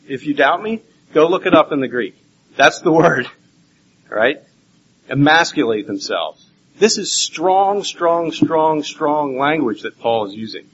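Animated male preacher, lo-fi recording. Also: fairly high pitch, a little slow, slight background noise. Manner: animated, swings from loud to hushed. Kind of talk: Bible teaching sermon. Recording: dull lo-fi recording with faint ambience.

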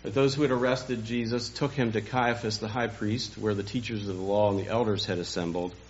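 A man preaching a Sunday sermon, telling a story dramatically and building to loud emphasis, on a dull, lo-fi recording. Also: fairly low pitch, fairly even intonation, brisk, a little hiss or hum. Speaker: pastor.

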